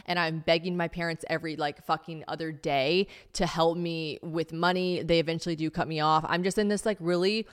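Podcast host, woman in her late twenties, slightly low voice, rambling and self-deprecating, swears a lot. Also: a bit bright, smooth. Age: late 20s. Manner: chatty and self-mocking, swears freely. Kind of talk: casual solo podcast monologue.

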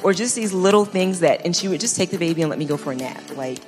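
A woman's voice: lowish voice, animated, fast talker, music in the background. A woman speaking as a guest on a live event panel, telling stories in a chatty way.

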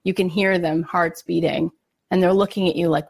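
A woman's voice: lowish voice, fairly even intonation, normal speed, gravelly, slightly rough. A middle-aged woman and podcast host giving a heartfelt motivational talk, earnest and emotional, acting out her own inner voice.

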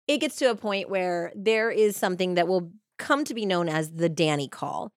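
A woman casually telling a true-crime story, acting out quotes with big jumps in pitch and filling her talk with "like". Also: moderate pace, dry recording, studio quality. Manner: animated retelling, acts out quotes with pitch jumps; many fillers like "like" and "you know". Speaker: podcast co-host.

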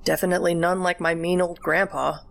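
A woman's voice: fairly low pitch, little pitch movement, brisk, gravelly. Woman narrating a horror story.

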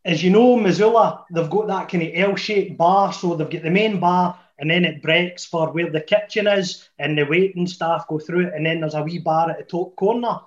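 A Glaswegian man in his thirties tells friends a long personal story in a casual chat, speaking at normal speed with few pauses. He's chatty and swears a lot, sinking to a low mutter for his inner thoughts, in an echoey room with muffled sound.

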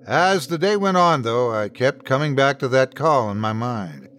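A man hosting and narrating a scripted horror story in the first person, with lively shifts in tone. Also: mid-range voice, moderate pace. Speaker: host and narrator.

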